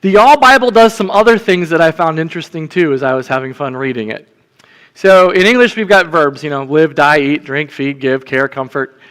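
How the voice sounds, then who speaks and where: A man's voice: a little high, normal speed, fairly bright tone, clear, resonant tone. Man preaching in an echoing church. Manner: conversational, checks in with the congregation. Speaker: deacon preaching. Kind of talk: sermon teaching. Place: church sanctuary. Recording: long church reverb.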